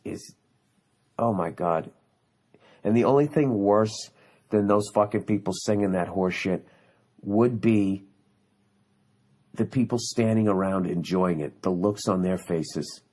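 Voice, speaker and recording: On vacation away from home, a podcast host rants by himself, sarcastic and profane, now and then slipping into mocking impressions. His voice is medium-pitched and a little mellow.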